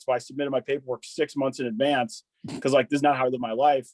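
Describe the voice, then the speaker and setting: A man in his thirties, an army veteran, telling stories in a loose, casual way, peppered with "dude" and "like" and quick restarts. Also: medium pitch, no echo, low-quality recording. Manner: loose and profane, full of "dude" and "like", restarts a lot. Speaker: podcast guest, army veteran. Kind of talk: casual conversational storytelling.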